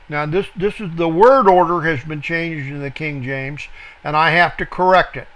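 A man teaching a verse-by-verse Bible study, slow and deliberate, pausing to spell out words and correct himself. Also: a little high, fairly bright tone.

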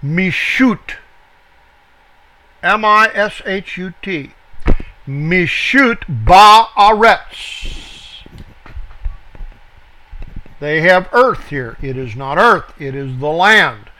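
A man leads a verse-by-verse Bible study at an unhurried pace. His voice sits high and sounds bright and clear-edged. He talks in a deliberate way, stopping to spell out words and fix his own slips. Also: animated, slight background noise. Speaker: Bible teacher.

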